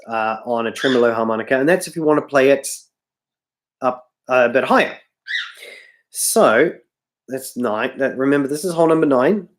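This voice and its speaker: A man teaching harmonica on a livestream, tired and losing his voice, rambling and correcting himself often, with harmonica playing behind him. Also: mid-range voice. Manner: rambling, self-correcting, apologetic. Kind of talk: livestream music tutorial.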